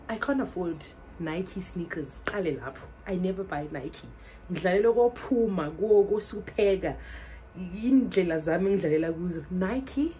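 Excitable South African woman vlogger. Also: lowish voice, normal speed, slight background noise, low-quality recording. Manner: excitable, laughs often, mixes English and Zulu. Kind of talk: casual vlog chat.

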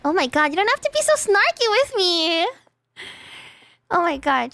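A woman's voice: very high-pitched, big pitch swings, moderate pace, long pauses, a bit bright, no room sound. A woman streaming a game in a casual, playful way, chatting with her viewers and breaking into dramatic exclamations. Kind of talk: casual gaming livestream.

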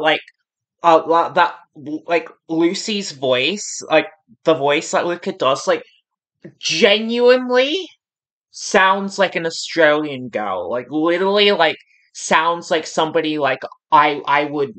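A woman's voice: deep voice, big pitch swings, takes it slowly. A woman hosting a reaction video, rambling and hedging with lots of fillers. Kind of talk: casual reaction commentary.

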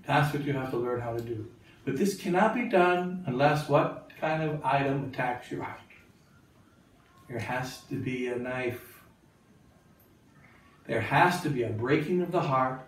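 A bishop gives a catechism talk to religious sisters, putting questions to them and repeating phrases for emphasis. His medium-pitched voice is measured, with frequent pauses, and the mic sits far off in a very echoey room.

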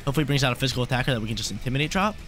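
Lively excitable young man commentating a game. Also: medium pitch, rapid-fire. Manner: excitable, repeats himself, talks to himself. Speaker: gaming YouTuber.

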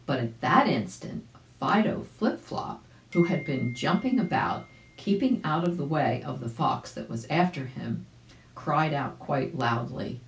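A woman reading a children's story aloud as a volunteer reader, gentle, with small asides. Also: low-pitched, lively intonation, a little slow, reverberant, poor audio. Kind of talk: audiobook read-aloud for children.

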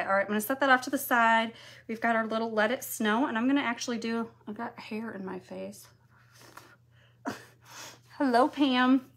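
A woman hosting a live craft-painting tutorial from her home craft room, chatting and greeting viewers by name while she works, now and then clearing her throat. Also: medium pitch.

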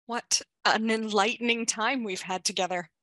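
A woman hosting a summit on a video call, closing the event and introducing the next speaker with warm, ceremonial words. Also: a little high, fairly even intonation, moderate pace, no room sound. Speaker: summit host.

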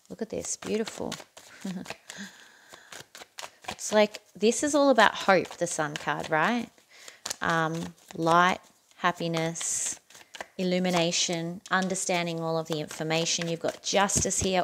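A woman giving a casual, chatty tarot reading to camera, encouraging and quick to laugh at herself. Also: lowish voice, background noise. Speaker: tarot reader.

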